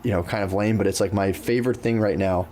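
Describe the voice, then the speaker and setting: A man co-hosting a podcast talks in a relaxed, profane way, peppering his talk with "dude" and acting out his own inner voice. His voice sits on the low side. A faint background hiss runs under him. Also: fast talker. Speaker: podcast co-host. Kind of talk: casual chat.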